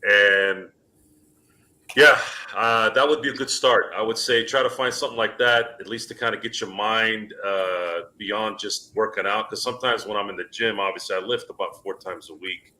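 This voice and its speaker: A man's voice: fairly low pitch, steady tone, normal speed, pushed and bright. A man in casual sports chat, emphatic and swearing now and then. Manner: emphatic, swears, gives advice.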